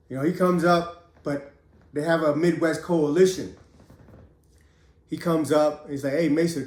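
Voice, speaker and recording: A man telling his own prison story in a casual, profane, streetwise way, pausing often as he recounts it. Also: a little high, a little mellow, reverberant. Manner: streetwise, profane, drawn-out pauses.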